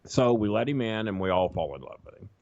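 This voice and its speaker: A man's voice: on the low side, animated, fast, darkish tone, no room sound. A middle-aged man, rambling through profane anecdotes on a podcast and acting out what other people said. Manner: profane, rambling anecdotes, acts out quoted voices. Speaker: podcast guest. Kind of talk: casual storytelling chat. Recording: dull lo-fi dry sound.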